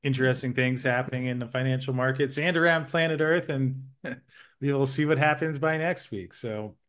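A man hosting a weekly show, chatting on a call in a playful, giggly way with quick asides. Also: medium pitch, a bit bright. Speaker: show host. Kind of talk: casual chat. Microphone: remote call.

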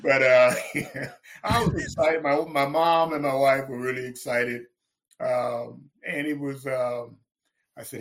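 A middle-aged man from Texas, a former football linebacker, telling his story in an interview with lively, acted-out quotes. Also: takes it slowly. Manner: animated, acts out quotes with big pitch jumps, laughs.

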